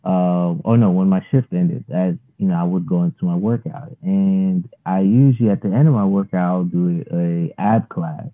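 A man's voice: low-pitched, normal speed, few pauses. A man in his thirties telling a story as an interview guest, laid-back and rambling with lots of fillers. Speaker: guest, yoga practitioner. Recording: phone-like narrow line.

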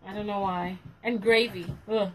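A woman's voice: mid-range voice, steady tone, moderate pace, a little hiss or hum, low-quality recording. A woman from Kenya chatting casually as a co-host, with playful, dramatic complaints. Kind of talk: casual chat.

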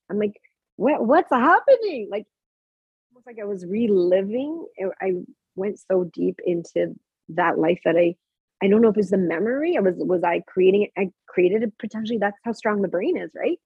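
Her pitch is fairly low and her voice husky as she rambles casually through personal spiritual anecdotes, full of restarts and fillers. The guest is of Mexican heritage and lives in Canada. There's no echo, and the audio has a dry, tinny, phone-like sound.

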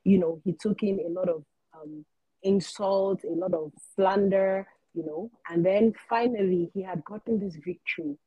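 A woman co-hosting a faith talk show, calmly explaining a Bible story. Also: mid-range voice, moderate pace, husky, dry recording, muffled recording. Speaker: co-host.

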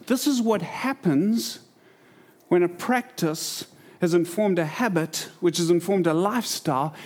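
A middle-aged pastor preaches a sermon full of stories, delivered in a lively way. As an animated storyteller, his voice often jumps higher and faster.

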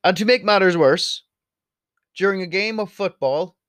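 A man's voice: high voice, moderate pace, fairly bright tone, clean tone, no room sound, clean studio sound. A young Irish man rambling casually in a vlog, blunt and swearing, sometimes drifting off the mic. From Ireland. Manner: chatty, blunt, swears, wanders off topic. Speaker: vlogger. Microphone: desk mic, sometimes turns away from it.

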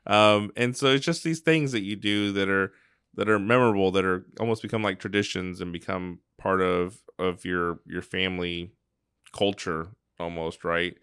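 A man from Texas talking casually about family traditions, relaxed, with lots of "like" and "you know". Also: sits low, moderate pace, clean tone, dry recording, clean studio sound. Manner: relaxed, uses many fillers like "like" and "you know". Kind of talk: casual conversation.

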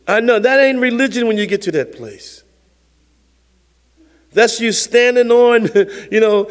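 An older male pastor delivers a sermon in a high voice that rings through the long reverb of a church sanctuary. He swings between forceful emphasis and soft, close murmurs, with a quick chuckle here and there. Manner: emphatic preaching, drops to hushed prayer, chuckles.

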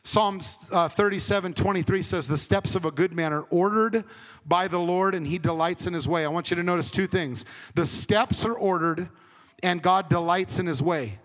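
Guy preaching, high voice, lots of reverb, gets loud then goes quiet. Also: normal speed. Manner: conversational and emphatic, swings between loud and hushed. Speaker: pastor. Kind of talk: sermon.

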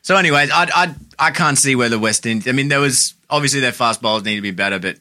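A man's voice: medium pitch, quick pace, bright, forceful tone. An Australian man co-hosting a casual sports chat, blunt and sweary, often mimicking others in mock voices.

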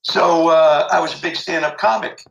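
A man's voice: fairly high pitch, moderate pace, gravelly, a bit bright, echoey room, lo-fi sound. An older man recalling his past in an interview, reflective and emotional, with many fillers. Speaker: interview guest. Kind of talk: storytelling interview.

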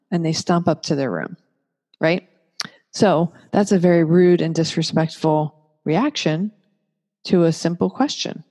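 Gentle, warm-voiced woman teaching patiently. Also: on the low side, unhurried. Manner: gentle, patient, explains step by step with examples. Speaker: parenting speaker. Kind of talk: calm reflective teaching talk. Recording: long reverberant room echo.

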